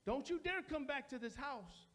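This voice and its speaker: A man's voice: very high-pitched, expressive, moderate pace, big-room sound. A male pastor acting out the lines of an angry, drunk husband in a sermon story. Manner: threatening and loud.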